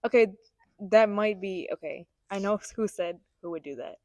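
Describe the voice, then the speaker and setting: A young woman co-hosting a casual chat, telling stories with dramatic, excitable reactions. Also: mid-range voice, normal speed, no room sound. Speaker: podcast co-host.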